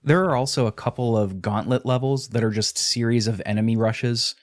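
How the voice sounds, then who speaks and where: A man's voice: medium pitch, a little fast, no room sound, studio quality. A man with a slight Pittsburgh accent, talking casually as a podcast co-host, chatty, laughing often and correcting himself mid-sentence. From Pittsburgh area.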